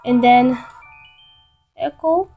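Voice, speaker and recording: A woman reading a dark first-person story aloud in a dramatic way, often stumbling and restarting words. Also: fairly high pitch, very slow, faint music behind, low-quality recording. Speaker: story reader.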